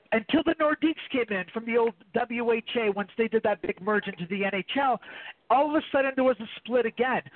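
A man's voice: very high-pitched, no echo. A man from Canada co-hosting a casual hockey talk show, opinionated and rambling, with a jokey streak. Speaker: podcast co-host. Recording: dry, tinny phone-like line.

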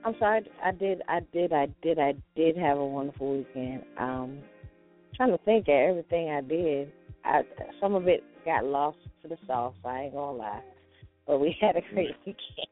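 A man's voice: on the high side, moderate pace. A man co-hosting a casual morning talk show, earnest and a little hesitant, often repeating himself. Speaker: radio show co-host. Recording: tinny phone-like line with faint music.

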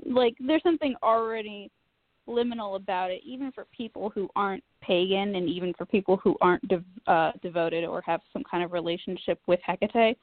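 Animated swearing woman on a tinny line. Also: medium pitch, a little fast, dry recording. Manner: animated, swearing, self-mocking storyteller. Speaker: podcast co-host. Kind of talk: casual storytelling chat.

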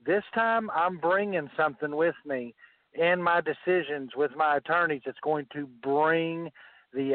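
A man's voice: a little high, no room sound. A man with a Southern accent, a wrestling commissioner, delivering boastful, menacing trash talk. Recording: tinny phone line, dry.

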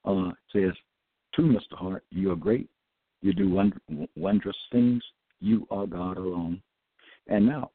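Slow, gravelly man on a phone line. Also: lowish voice, sing-song, no echo. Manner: halting, with many fillers and restarts; emphatic, drawn-out scripture quoting. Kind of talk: religious teaching talk. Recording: tinny phone-line audio, dry.

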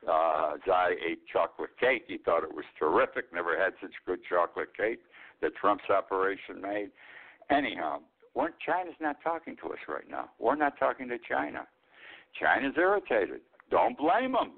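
A man in his eighties, an older host giving a blunt, rambling monologue of political commentary. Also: deep voice. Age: 80s. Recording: tinny phone-like line.

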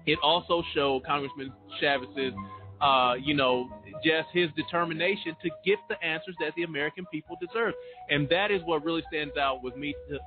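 A man co-hosting a talk radio show, animated and emphatic. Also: on the high side, a little fast, narrow, tinny audio, over music. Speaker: radio co-host.

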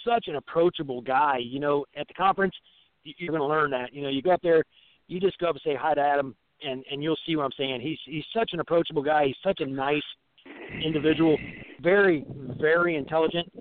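A man speaking as a guest in a casual phone interview, halting and repeating words, teasing and laughing often. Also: on the high side. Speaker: guest, conference organizer. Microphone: telephone. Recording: tinny dry phone line.

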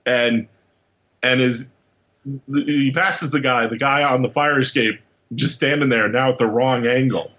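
A man guest on a podcast, telling stories in an animated, casual way, acting out quotes and laughing often. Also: medium pitch, a little slow, highs cut off. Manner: lively storyteller who acts out quotes and laughs often. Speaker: podcast guest, comics writer.

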